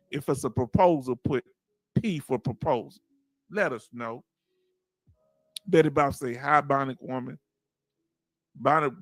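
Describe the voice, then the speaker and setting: A man's voice: fairly high pitch, fairly bright tone, no room sound. An older man with a Southern US accent hosting a casual livestream, emphatically talking to viewers he calls family and reading their comments aloud. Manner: emphatic, preachy, chuckling, addresses viewers as family. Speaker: livestream host and veteran.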